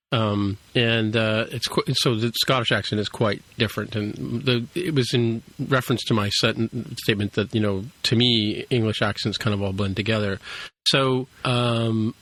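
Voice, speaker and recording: Man, Canadian accent, lowish voice, rambling podcast chat, lots of ums. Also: fairly bright tone, rough recording. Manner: rambling, many ums and restarts. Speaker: podcast co-host and editor. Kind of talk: casual chat.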